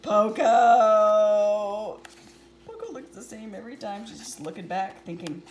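A woman's voice: mid-range voice, a little slow, roomy sound, noisy background. A woman reading a picture book aloud, giggling often and adding chatty asides between pages.

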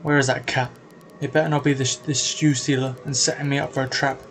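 A man's voice: medium pitch, level tone, brisk, fairly bright tone, a little hiss or hum, natural voice. A man voicing a young female game heroine, blunt and sarcastic, speaking in his everyday voice. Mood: wary.

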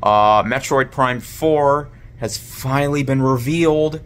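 A man's voice: medium pitch, slow pace, a bit bright. A man chatting casually in a monthly vlog, rambling with lots of fillers and restarts. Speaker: vlogger.

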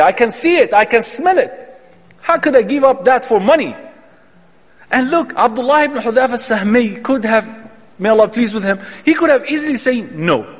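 A man giving an Islamic lecture, telling a story dramatically with emphatic quoted dialogue. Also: high voice. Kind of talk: sermon storytelling. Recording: long hall reverb.

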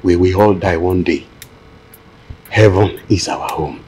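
A man acting as a pompous church leader who waves off his son-in-law's grief. His voice is deep and husky, and his delivery is dismissive and self-important. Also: fairly even intonation, unhurried, darkish tone. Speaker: father-in-law, a church leader. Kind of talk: Christian film drama acting.

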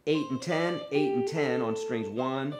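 A man teaching a live online guitar lesson, coaching in a relaxed, repetitive way and checking in often with the viewers. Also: medium pitch, unhurried. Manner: relaxed, repetitive coaching with frequent "okay?" and "right?".

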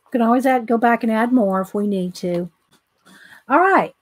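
A woman's voice: a little high, normal speed, husky. Chatty Southern woman demonstrating coloring. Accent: Southern American. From Southern United States. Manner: chatty, greets viewers by name, laughs easily. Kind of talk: casual live coloring tutorial, reading steps aloud.

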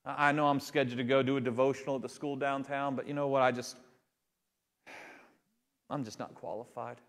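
A pastor voicing a grieving disciple who feels too unworthy to go on, speaking quietly in a hushed, despairing way. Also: male voice, mid-range voice, steady tone, brisk, long reverb tail, natural voice. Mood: remorseful. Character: grieving disciple, man, remorseful fisherman.

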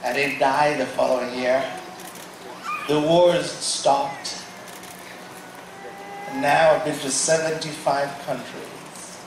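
A man from Africa gives a sermon testimony as a guest preacher, telling a story with animated acted-out dialogue. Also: mid-range voice, slow, long pauses. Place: large church auditorium. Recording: echoey hall, mic from far off, faint noise.

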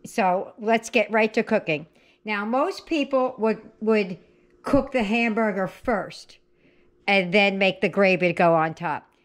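A woman hosting a home cooking video, chatting casually and correcting herself as she cooks in her kitchen. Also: medium pitch. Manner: chatty, self-correcting, talks while cooking. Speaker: cooking channel host. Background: frying and sizzling.

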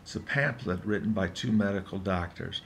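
A man's voice: low-pitched, normal speed, vocal fry, slight background noise. Earnest rambling man in his fifties. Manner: rambling, earnest, self-interrupting. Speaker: vlogger. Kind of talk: casual video diary. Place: his apartment, indoors.

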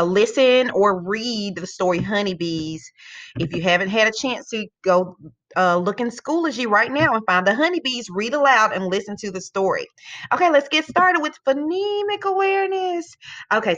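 A woman teacher, leading an online phonics lesson for young children in a slow, upbeat, encouraging way. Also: a little high, sharp tone, muffled recording. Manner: slow, upbeat and encouraging, with sing-song praise.

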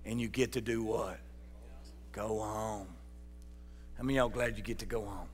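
A pastor preaching a sermon in a folksy way, calling out to the congregation. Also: male voice, fairly low pitch, fairly even intonation, normal speed, a little hiss or hum. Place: large church sanctuary. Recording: church hall reverb.

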